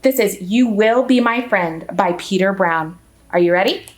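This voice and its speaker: A woman reading a picture book aloud to children as a children's librarian, animated and asking the listeners questions. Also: mid-range voice, moderate pace, a little hiss or hum. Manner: animated, asks the audience questions. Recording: echoey room, faint music.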